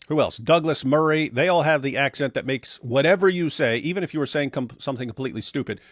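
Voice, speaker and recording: An American man hosts a casual reaction show, talking in an excitable, joking way with emphatic asides. His voice sits at an ordinary male pitch. The sound is dry and close, with no room echo. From United States. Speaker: show host.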